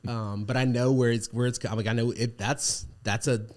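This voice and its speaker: A man's voice: mid-range voice, fairly even intonation, a little fast. A man in his forties, a podcast guest, telling stories in a rambling, easygoing way with many restarts. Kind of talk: casual conversation.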